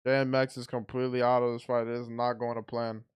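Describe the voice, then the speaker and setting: Smooth-voiced man calling a fight live. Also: medium pitch, fast. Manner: excitable, blunt play-by-play with frequent restarts. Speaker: watch party commentator.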